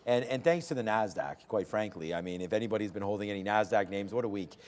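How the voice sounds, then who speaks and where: A man's voice: lowish voice, quick pace, a little mellow. A man hosting a live day trading show from a studio trading floor, chatting casually about trades with loose fillers. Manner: loose and laughing, lots of fillers.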